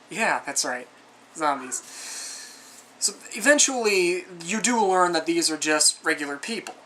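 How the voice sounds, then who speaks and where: A man with a slightly high, sharp-toned voice gives a casual spoken film review against slight background noise. The movie reviewer comes off exasperated and sarcastic, rambling conversationally and adding frequent asides.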